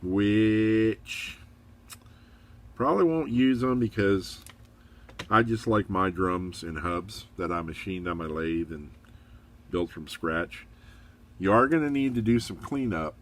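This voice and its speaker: Middle-aged man, very low voice, easygoing hobbyist reviewer, chatty and encouraging. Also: slow, pauses often. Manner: relaxed, chatty, rambling with fillers; upbeat, encouraging. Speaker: model kit reviewer.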